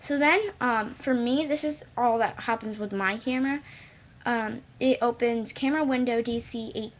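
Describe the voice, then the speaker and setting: In a rambling home tutorial with dogs close by, a woman shows how to do something on a computer, her slightly high voice at a moderate pace. She's silly and scattered, wandering off-topic and fading into playful noises.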